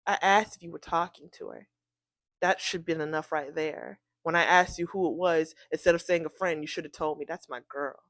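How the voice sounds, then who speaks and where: A woman telling a storytime tale in an animated, incredulous way, acting out the people she quotes. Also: deep voice, brisk, no room sound. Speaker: storytime vlogger. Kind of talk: casual storytime.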